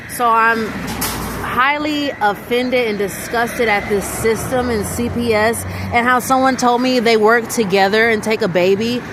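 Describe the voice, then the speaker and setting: High-voiced indignant woman ranting. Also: noisy background. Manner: indignant, emphatic, rambling, swears. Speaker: mother venting on video. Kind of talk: angry personal rant to camera.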